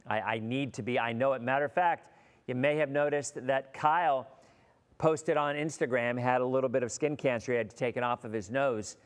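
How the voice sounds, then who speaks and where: A man's voice: mid-range voice, fairly even intonation, normal speed, clear, resonant tone. Middle-aged florida guy hosting a weather livestream, rambly casual chat, long echo like a big hall. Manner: rambling, chatty, with frequent restarts. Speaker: weather broadcaster and livestream host.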